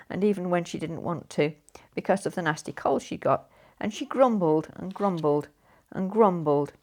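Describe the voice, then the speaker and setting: Woman storyteller, gravelly low voice, playful expressive bedtime reading. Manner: expressive, drawn-out sound words.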